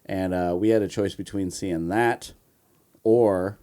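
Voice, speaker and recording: A man with a lowish, warm voice co-hosts a casual movie podcast. He talks with eager excitement, pressing his friends to go see films and telling loose stories. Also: slow. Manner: excited, urging, chatty. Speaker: podcast co-host. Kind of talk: casual movie recommendation chat.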